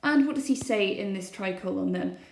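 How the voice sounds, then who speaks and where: A woman's voice: mid-range voice, lively intonation, moderate pace, creaky, reverberant, slight background noise. A woman teacher explaining a set text over slides in a recorded lesson, asking her students questions as she goes. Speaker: classics teacher.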